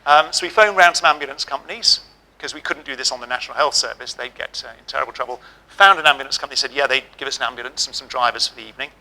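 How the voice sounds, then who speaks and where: A middle-aged man giving a keynote speech, telling lively, humorous stories. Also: medium pitch, very fast, poor audio. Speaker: keynote speaker. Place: auditorium.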